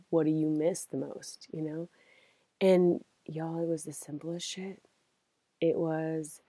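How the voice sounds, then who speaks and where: A chatty woman hosting her podcast, rambling warmly through a reflective monologue and laughing often. Her tone is mellow and relaxed, recorded dry and close on AirPods at a cabin. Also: fairly low pitch, dry recording. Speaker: podcast host. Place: family cabin.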